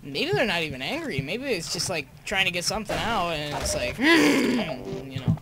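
A young man commenting casually on his own gameplay, excitable and laughing, muttering asides between outbursts. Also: sits high, fairly quick, loud music behind the voice. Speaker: gamer. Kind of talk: casual let's-play commentary.

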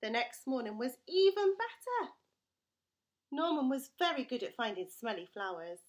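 A woman teacher reading a children's storybook aloud to her class, with expressive, playful storytelling. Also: high voice, moderate pace.

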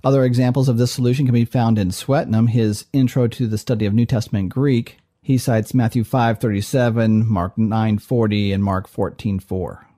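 A man who teaches Greek, giving a calm, methodical, scripted grammar lesson to viewers. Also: fairly low pitch, normal speed, hardly any pauses. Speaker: Greek professor.

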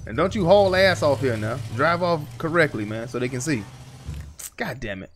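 Male gaming commentator, animated and profane, very lively pitch. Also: normal speed, soft background music. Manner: animated, slangy, profane reactions. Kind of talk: let's play commentary.

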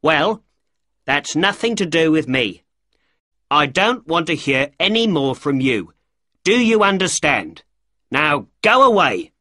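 A man voicing an angry male shopkeeper in a storybook reading, gruff and shouting. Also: mid-range voice, wildly swooping pitch, slow, pauses often, no echo, studio quality, full character voice.

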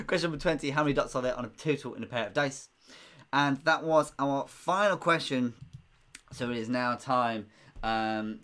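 Chatty giggling quiz host man. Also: mid-range voice. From United Kingdom. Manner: chatty, giggly, reads out comments. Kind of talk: live-streamed pub quiz.

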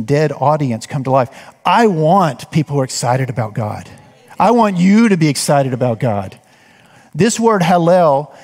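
In a church sanctuary with long hall reverb, a pastor preaches a sermon conversationally, asking the congregation questions. His voice is fairly high and a little mellow.

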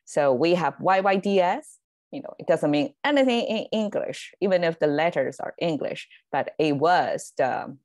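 A deep, darkish female voice, animated and moderately paced with no echo, hosts a relaxed online Chinese lesson. The host, a native Chinese speaker, chats through her slides, frequently laughing and correcting herself.

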